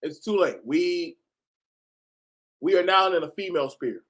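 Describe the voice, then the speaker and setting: A man hosting a reaction video, talking in an animated, exclaiming way and laughing often. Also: high-pitched, a little slow. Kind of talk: reaction commentary.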